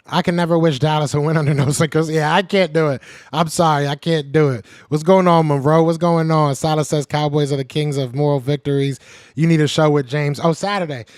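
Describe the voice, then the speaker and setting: Man, podcast host, a little sick, animated trash talk, fairly high voice, dry close mic. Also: no echo. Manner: animated, trash-talking, laughs often. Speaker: podcast host reading live chat. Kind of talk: casual live-stream chat.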